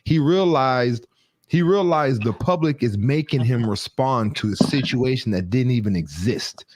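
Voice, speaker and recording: A man with a mid-range voice speaks on a casual podcast panel, recorded dry and close. He is quick and jokey and often talks over the others. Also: medium pitch, darkish tone, no room sound. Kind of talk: casual debate among friends.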